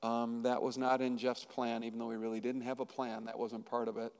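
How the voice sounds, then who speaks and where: A man's voice: mid-range voice, completely flat delivery, a little fast, a little mellow, clear, resonant tone, in a large hall. A man acting as a pastor, interviewing a couple with hesitant, filler-laden questions.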